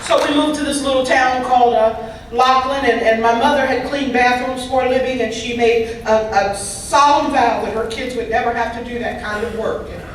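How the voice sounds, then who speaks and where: A woman's voice: a little high, steady tone, normal speed, recorded from a distance, a faint crowd, slight background noise. Woman voicing a recovery talk in a very echoey hall. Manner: humorous conversational storytelling. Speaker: voice interpreter for a signed recovery talk. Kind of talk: first-person interpreted speaker talk. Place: large convention hall.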